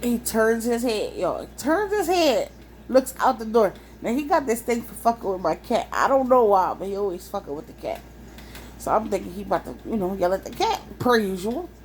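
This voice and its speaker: A young woman telling a wild personal story in a casual, animated, profane way, laughing often. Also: medium pitch, brisk, a little hiss or hum.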